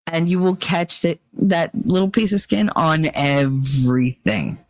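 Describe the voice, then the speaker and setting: A woman's voice: sits low, unhurried. A woman streamer chats frankly and jokes with her viewers, her voice sounding a bit worn and tired. The sound is dry and close, with no room echo at all. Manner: candid, joking, drifts between reading chat and musing aloud. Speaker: livestream host reading chat. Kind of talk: casual livestream chat.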